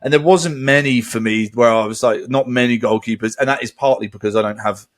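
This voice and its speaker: Laid-back sweary bloke. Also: male voice, mid-range voice, fairly quick. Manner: sweary, laughs often, does mock voices. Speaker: podcast co-host. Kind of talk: casual chat.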